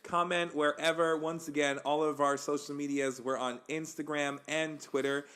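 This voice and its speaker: Brief: woman co-host, very low pitch for a woman, supportive listener, short reactions. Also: steady tone, normal speed. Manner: brief supportive reactions, soft sympathetic interjections. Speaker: podcast co-host, teacher. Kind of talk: casual podcast chat.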